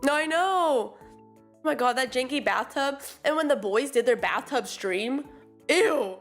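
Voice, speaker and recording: A young woman VTuber chatting casually with friends on stream, telling animated stories and acting out quotes with lots of laughter. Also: high-pitched, measured pace, soft background music. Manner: animated storytelling, acts out quotes, laughs often.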